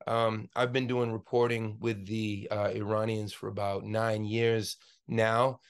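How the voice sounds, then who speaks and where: A man's voice: on the low side, flat delivery, unhurried, clear, resonant tone. A man in his forties giving an online class lecture as the instructor, impassioned and rambling, with many fillers and restarts, into a computer mic on a video call. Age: 40s.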